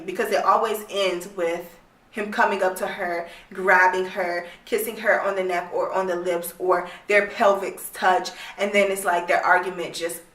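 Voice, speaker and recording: A woman's voice: mid-range voice, a bit bright. Young woman, casual rant review, blunt and exasperated, swears, echoey room, distant mic. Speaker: book reviewer.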